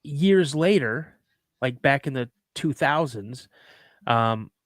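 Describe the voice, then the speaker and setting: A man hosts a live podcast show, telling casual, rambling anecdotes and often restarting and repeating his words. His medium-pitched voice is animated and slow, recorded dry.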